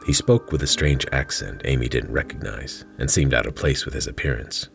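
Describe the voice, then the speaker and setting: A man's voice: extremely low pitch, fairly quick, gravelly, hardly any pauses, faint music behind. A man reading his own fantasy short story aloud in a dry, wry narrating manner.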